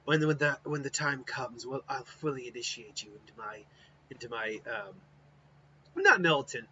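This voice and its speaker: A man voicing a calm, scheming male ninja leader, speaking softly and measuredly on a dull, lo-fi recording with faint hiss. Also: mid-range voice. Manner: soft, measured, hesitant wording.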